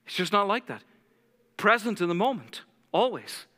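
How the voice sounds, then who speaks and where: A man's voice: high-pitched, very animated, moderate pace, sharp tone, in a large hall. A man preaching a sermon as pastor, telling stories dramatically and acting out the voices of the people in them.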